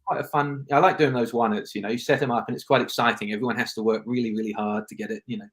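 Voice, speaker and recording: A man's voice: medium pitch, fairly even intonation, very fast. A man speaking as a film director guest in a casual interview, reflective and rambling, often restarting his sentences.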